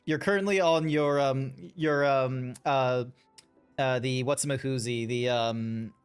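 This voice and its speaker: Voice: mid-range voice, steady tone, a little slow, clean tone. A streamer chatting casually while playing, rambling with lots of fillers. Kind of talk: casual chat while gaming. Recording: background music under the voice.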